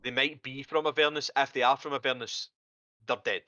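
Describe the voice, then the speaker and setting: A man's voice: medium pitch, fairly even intonation, a little fast, sharp tone, dry recording, muffled recording. A man narrating as game master of a tabletop game, rambling with hesitations and casual swearing.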